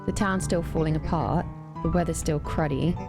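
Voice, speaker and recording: A woman's voice: low voice, moderate pace, music in the background. A woman reading the lines of a grumpy, cynical townsperson with a grumbling, scornful manner.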